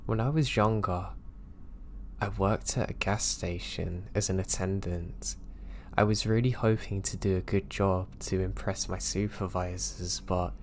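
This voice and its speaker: A man with a somewhat low voice narrates first-person horror tales in a steady, low-key manner. The recording carries a faint background ambience under his voice. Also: slight background noise. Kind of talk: scripted narration of listener stories.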